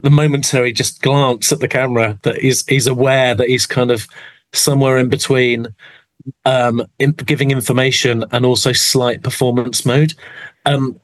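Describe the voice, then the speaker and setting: An English actor being interviewed speaks in a flat, mid-range voice at normal speed. In this casual chat he rambles, runs himself down, and restarts a lot. The audio is poor, with no room sound.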